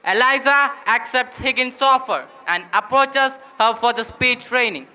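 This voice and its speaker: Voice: medium pitch, unhurried, bright, forceful tone. A student narrator announcing scenes and explaining the story between acts of a school play.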